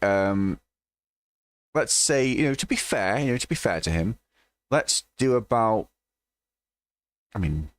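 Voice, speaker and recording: A man's voice: on the low side, dry recording. A man giving sweary, mocking reaction commentary on a cheap microphone. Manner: sweary, mocking, laughs often. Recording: dry cheap home mic.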